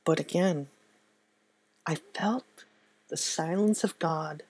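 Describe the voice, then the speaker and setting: A woman giving a personal faith testimony in a soft-spoken, halting, reflective way. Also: deep voice, no room sound. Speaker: speaker sharing a faith testimony.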